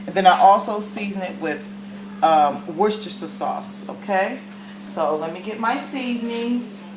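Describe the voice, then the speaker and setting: With an unhurried, medium-pitched voice, a woman walks through a recipe in her home kitchen, keeping things casual and folksy and regularly asking "okay?" Her recording picks up the kitchen's echo and some faint noise.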